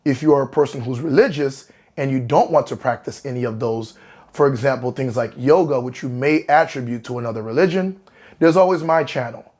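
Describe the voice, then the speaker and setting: A man who works as a hypnotherapist, talking gently and then leading a calm guided relaxation. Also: mid-range voice. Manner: slow, soothing guided instructions.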